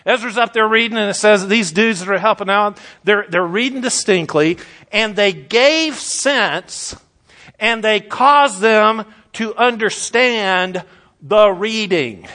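A man's voice: high-pitched, slow, bright, forceful tone. A man preaching a sermon, fiery and emphatic, stretching out his stressed words.

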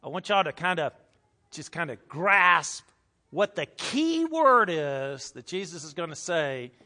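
Bright-voiced preacher man. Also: a little high, measured pace. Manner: lively preaching, reads scripture aloud with emphasis, asks the congregation questions. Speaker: pastor. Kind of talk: sermon.

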